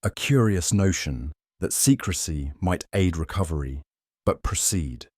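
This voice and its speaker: A man giving a measured, even scripted narration of a detective story. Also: sits low, dry recording, clean studio sound.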